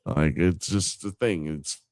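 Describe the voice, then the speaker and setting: Low-voiced guy arguing on a podcast, cussing, dry sound. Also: measured pace, a little mellow, dry recording. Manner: argumentative, swearing, talks over his co-host. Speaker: podcast host. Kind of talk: casual heated podcast debate.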